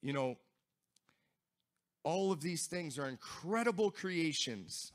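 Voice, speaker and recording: A man preaching a sermon, moving from quiet reflection to excited, shouted praise, with frequent laughs and exclamations. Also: on the high side, slow pace, pauses often. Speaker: pastor.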